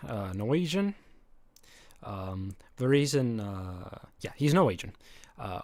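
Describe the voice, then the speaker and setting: A man's voice: mid-range voice, no echo. A man hosting a casual livestream as a series creator, presenting in a chatty, upbeat way. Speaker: series creator and stream host.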